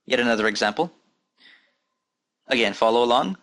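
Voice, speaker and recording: A man's voice: medium pitch, moderate pace, pauses often, a bit bright. A man teaching an Arabic reading lesson, patiently repeating letter sounds and asking students to follow along. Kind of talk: recorded language lesson.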